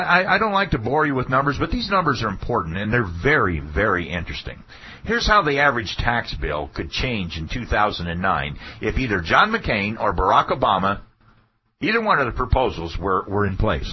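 A man's voice: medium pitch, huge pitch swings, normal speed, husky. A man hosting a political talk radio show, delivering a folksy, sarcastic monologue. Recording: dull lo-fi radio broadcast.

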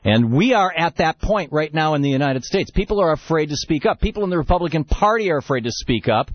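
A man's voice: on the high side, lively intonation, quick pace, dry recording, lo-fi sound. A man hosting a radio talk show, telling a long story and then ranting emphatically about politics. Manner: rambling storyteller, building to emphatic rant. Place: radio studio.

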